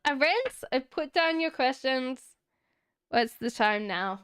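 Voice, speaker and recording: Slow, smooth-voiced woman reading tarot. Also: sits high, expressive, fairly bright tone. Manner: chatty and reassuring, laughs often; talks straight to viewers in chat. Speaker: tarot reader. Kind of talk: casual live-stream card reading.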